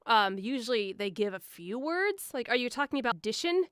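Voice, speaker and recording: A young woman talks casually to her live-stream audience, rambling with plenty of fillers. Her voice sits fairly high and sounds smooth and clear. It is recorded close on a studio mic in a dry room. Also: sing-song, fairly quick, a bit bright, dry recording. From Milwaukee area. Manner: chatty and rambling, full of "um" and "like", acts out quoted lines in higher voices. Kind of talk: casual live-stream chat answering viewers. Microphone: studio mic, a foot away.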